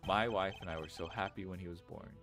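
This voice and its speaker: A man's voice: deep voice, fairly even intonation, fast. A man playing Excelsius Winter, teary old uncle. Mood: sentimental, avuncular. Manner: grandfatherly and teary. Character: genial elderly man, sentimental, theatrical, fatherly. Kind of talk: fan voice-over of a game. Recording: game music playing behind.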